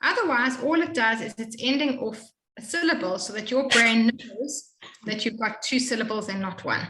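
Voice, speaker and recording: A woman tutoring a student in Hebrew reading, explaining patiently and slowly modeling each sound. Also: fairly high pitch, roomy sound, noisy background. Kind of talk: one-on-one reading lesson.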